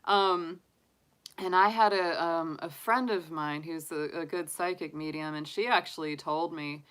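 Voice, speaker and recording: A middle-aged woman who reads tarot chats casually on a live stream, gushing, cooing, and laughing easily. Her voice is deep, a bit bright, and clean in tone, at a moderate pace.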